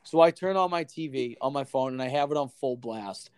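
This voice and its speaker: Man, casual storytelling, profane, animated, dry room. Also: medium pitch, brisk, smooth, no echo.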